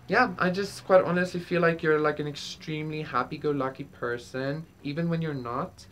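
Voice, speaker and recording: A woman's voice: deep voice, moderate pace, few pauses, slight background noise. A woman doing a casual tarot reading, rambling with many fillers and casual swearing. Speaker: tarot reader. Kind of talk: casual spiritual reading to camera.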